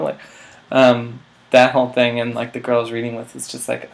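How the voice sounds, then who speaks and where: A man's voice: mid-range voice, monotone, fairly quick, gravelly. A man in his twenties telling a rambling, self-mocking comic story, full of filler words. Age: 20s. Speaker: vlog host.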